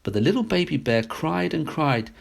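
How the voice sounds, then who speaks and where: A man reading a classic fairy tale aloud as a storyteller, expressive and sing-song. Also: a little high, normal speed, gravelly.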